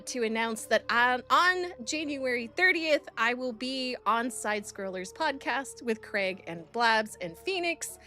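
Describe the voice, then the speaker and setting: A young woman streamer chatting casually with her viewers, bubbly and excitable, openly nervous and thrilled. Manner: bubbly, excitable, swings high on greetings. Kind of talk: casual live-stream chat, greeting chat.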